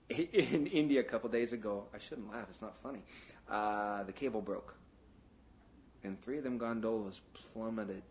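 Fairly low-pitched and darkish in tone, a man delivers his sermon a little slowly and in a relaxed, talky style. He keeps slipping in jokes, acted asides, and "you know"s; the pastor's recording is dull and lo-fi with slight background noise.

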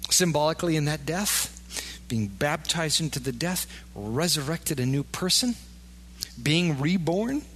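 A man's voice: fairly high pitch, a bit bright, a little hiss or hum. A man preaching a sermon in a casual, conversational way, often acting out the imagined inner voices of his listeners. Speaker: pastor. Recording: long hall reverb.

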